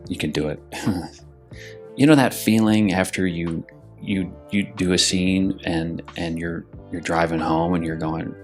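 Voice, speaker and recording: A man who is an actor talks casually in an interview. He rambles with many restarts and repeated words, and acts out his own frantic thoughts in a loud, high voice. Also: measured pace, soft background music.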